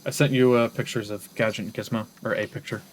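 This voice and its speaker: A man's voice: lowish voice, fairly even intonation, fast. A man chatting during a game stream who keeps breaking off to scold and coax his pets. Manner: scolds his pets between chat, firm then coaxing. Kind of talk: casual chat.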